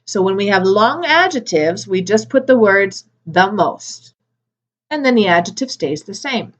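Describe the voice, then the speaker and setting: Woman ESL teacher, medium pitch, careful slow modelling, slightly dull recording. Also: animated. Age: adult with a daughter. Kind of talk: recorded grammar lesson.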